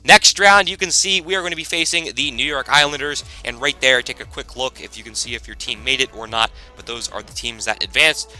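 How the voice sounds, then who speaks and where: Excitable bright-voiced man calling hockey sims. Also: mid-range voice, rough recording. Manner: excitable, shouting at big plays, fast rambling asides. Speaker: gaming YouTuber. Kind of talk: hockey video game commentary.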